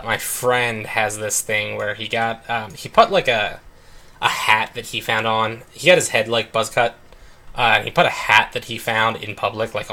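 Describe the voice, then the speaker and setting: A man's voice: lowish voice, pushed and bright. A young man chatting casually while playing a game, rambling and filling his talk with "like" and "um". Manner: rambling, full of "like" and "um". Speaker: let's play host. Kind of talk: casual chat while gaming.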